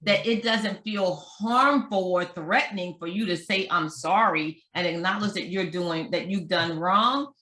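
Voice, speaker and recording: A woman author being interviewed, speaking emphatically and slowing down to repeat her key points. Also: lowish voice, sharp tone, echoey room. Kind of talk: interview conversation.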